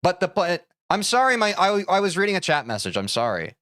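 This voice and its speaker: A male streamer talking casually with his chat, with lots of movement in his pitch. He sounds animated, jokey and self-deprecating as he responds to messages. The recording is dry and close, with little room sound. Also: fairly quick, few pauses, no echo.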